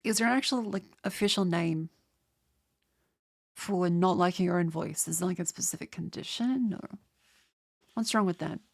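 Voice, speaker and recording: A woman's voice: fairly low pitch, normal speed, gravelly, pauses often. A young woman with an Australian accent and a nasal voice, stuttering through a rambling casual chat with her viewers while getting over a cold. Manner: rambling with many restarts. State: has a cold. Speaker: streamer.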